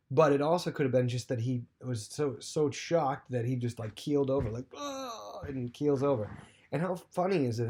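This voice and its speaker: A man's voice: medium pitch, warm tone. A man teaching a Bible lesson, retelling the story loosely with many fillers and restarts.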